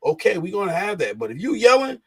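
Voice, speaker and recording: A man's voice: high-pitched, very animated, fast talker, husky. A man in casual chat, talking emphatically and lecturing, repeating his points. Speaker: podcast host.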